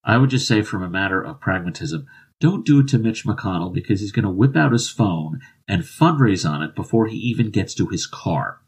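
Man, very low voice, husky, earnest political talk. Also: lively intonation, a little fast. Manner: earnest, argues in long stretches with restarts. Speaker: podcast co-host, former political candidate. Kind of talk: casual political chat.

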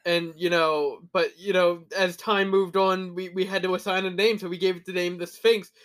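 A man's voice: sits high, level tone, moderate pace, a bit bright, smooth. A young man co-hosting a podcast, telling stories in a laid-back, swearing, casual way. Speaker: podcast co-host. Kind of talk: casual rant.

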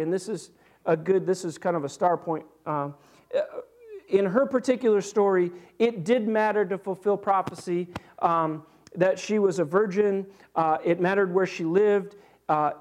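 A man with a notably high voice preaching a sermon. He talks in an animated, conversational way, stumbling into restarts and fillers as he goes. His pitch stays light and lifts higher still when he gets excited. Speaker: pastor.

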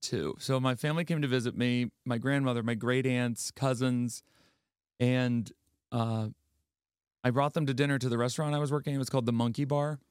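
Brief: man from Maryland, casual podcast guest, lively storyteller, dry close sound. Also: medium pitch, fairly quick, smooth, dry recording. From Garrett County, Maryland. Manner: animated storyteller, acts out quoted voices. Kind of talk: casual chat.

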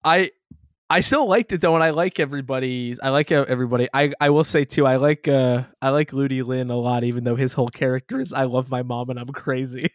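A man co-hosting a casual movie review chat, rambling and halting, swearing and laughing often. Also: mid-range voice, dry recording, clean studio sound. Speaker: podcast co-host.

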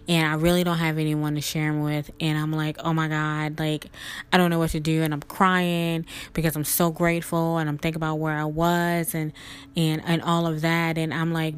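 A woman's voice: low-pitched, smooth. A young woman hosting a podcast, telling a spiritual story in a chatty, emotional way with laughs and fillers. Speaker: podcast host.

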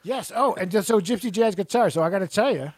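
A man's voice: high voice, fast, darkish tone, no room sound. A man co-hosting a casual chat, rambling and joking, often breaking into laughter. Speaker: podcast co-host.

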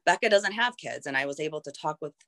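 A woman's voice: deep voice, animated, fast talker, sharp tone. A candid woman in her thirties opens up as a guest in a heartfelt conversation. She talks in a reflective, searching way, leaning on "like" as she works through her thoughts. Her tone is frank and unguarded. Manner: reflective, frank, heavy use of "like".

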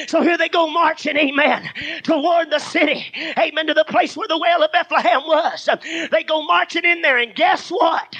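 A male preacher delivers a revival sermon in a very high, piercing voice. He shouts in rhythmic bursts, studded with "uh" between phrases. He acts out the characters in his Bible stories as he goes. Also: fairly quick. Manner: shouting, hoarse-edged preaching with "uh" fillers; tells Bible stories with acted dialogue.

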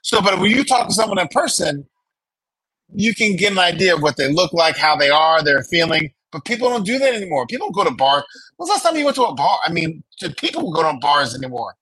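A man co-hosting a casual chat, animated and acting out the people he quotes. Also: fairly high pitch, quick pace, breathy edge, dry recording, poor audio. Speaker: podcast co-host.

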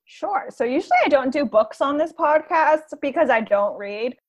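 A woman in her twenties, co-hosting a casual chat over a video call, talking in a relaxed way with laughing asides. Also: high-pitched, normal speed. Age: 20s. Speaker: podcast co-host.

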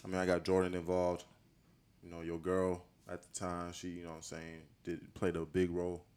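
A man's voice: low-pitched, brisk, clean tone. A man co-hosting a podcast, telling a story among friends with lots of laughter. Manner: animated storyteller who laughs through his lines. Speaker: podcast co-host. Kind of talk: casual chat among friends.

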